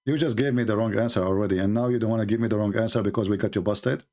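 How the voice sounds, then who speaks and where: A combative man hosting a call-in debate, mocking his callers and repeating phrases for emphasis, his voice going hoarse. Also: fairly low pitch, steady tone, racing, dark tone. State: losing his voice. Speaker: debate show host. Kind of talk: live call-in religious debate.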